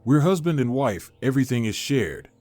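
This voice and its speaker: A man's voice: mid-range voice, very animated, moderate pace, soft background music. A man doing an angry controlling husband. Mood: insistent. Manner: hissing, shouting.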